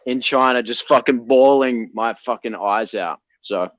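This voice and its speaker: A man's voice: medium pitch, unhurried, a bit bright, no echo, lo-fi sound. A man talking as an interview guest in a casual chat, blunt and loose, swearing freely.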